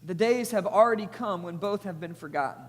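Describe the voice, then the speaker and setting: A man in his thirties delivers a sermon with energetic, animated storytelling. His voice sits fairly high for a man. It rings with the long reverb of a large hall. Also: brisk. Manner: animated storytelling, energetic, rising loud at climaxes. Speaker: pastor. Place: church auditorium.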